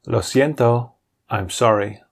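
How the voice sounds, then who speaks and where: A man teaching a scripted beginners' lesson. His voice is gravelly and somewhat husky. He repeats each phrase slowly so learners can follow. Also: mid-range voice. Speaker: language teacher.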